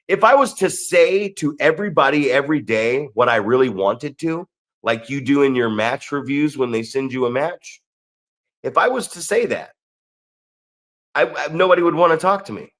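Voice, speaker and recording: A man with an American accent co-hosting a wrestling podcast, telling stories in a sarcastic, profane, animated way. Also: fairly high pitch. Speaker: podcast co-host. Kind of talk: casual chat.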